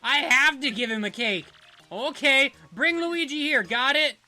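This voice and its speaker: A man's voice: very high voice, unhurried, faint music behind, voice pushed up, exaggerated voice. A man doing a squealing star-struck fangirl. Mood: gushing. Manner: breathless, squealing excitement. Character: gushing young woman, star-struck fan.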